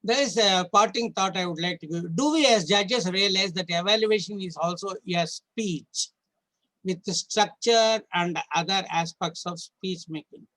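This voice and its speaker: A man giving an online training lecture to contest judges, stepping through slides point by point in a halting, instructive way. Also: high-pitched, bright, forceful tone, rough recording.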